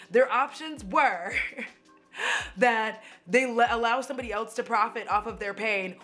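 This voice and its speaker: A woman's voice: fairly high pitch, pushed and bright. A woman vlogger talking casually at home, blunt and profane as she gets heated on a rant. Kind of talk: casual commentary vlog.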